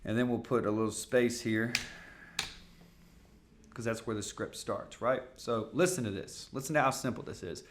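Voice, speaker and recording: A man teaching a sales masterclass in a casual, coaching way, often bursting into loud, high-pitched practice call openers. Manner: casual, coaching, fast talk with fillers. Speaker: sales trainer.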